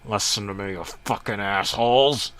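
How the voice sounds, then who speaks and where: A man voicing a foul-mouthed, furious cartoon boy genius who yells curses. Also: on the low side, moderate pace, clean tone, natural voice. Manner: yelling curses.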